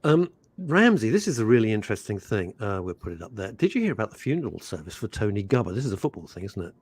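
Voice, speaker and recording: An older man hosting a radio show, chatting in an animated, rambling way that jumps between topics. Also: lowish voice, fast talker, slightly rough, no echo. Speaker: radio host. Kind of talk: casual radio chat. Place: radio studio.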